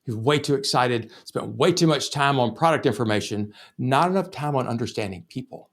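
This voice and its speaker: A man's voice: mid-range voice, expressive, fairly quick. A man hosting a sales podcast, telling a story as a lesson in a casual, profane, anecdotal way. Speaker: sales trainer and podcast host.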